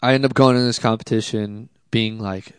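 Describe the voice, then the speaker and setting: Man, interview guest, drift driver, low smooth voice, chatty and self-deprecating, dry close sound. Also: normal speed, no room sound. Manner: animated, self-deprecating, lots of fillers and "like". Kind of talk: casual storytelling interview.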